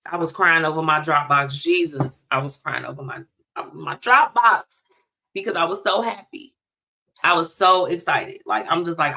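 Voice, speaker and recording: Low-voiced chatty woman host. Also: moderate pace. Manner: chatty, animated, addresses listeners directly. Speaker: talk show host. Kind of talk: casual chat to listeners.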